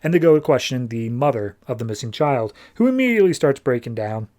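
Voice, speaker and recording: A man in a mid-range voice retelling a comic book plot casually. His delivery is breezy, with frequent "like"s and quick restarts. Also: medium pitch, very animated, warm tone. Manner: breezy, filler-laden retelling. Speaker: podcast host.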